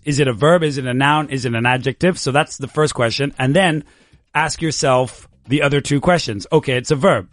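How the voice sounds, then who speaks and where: A man's voice: mid-range voice, no echo. A man teaching English vocabulary in a casual, playful lesson, encouraging his student and laughing often.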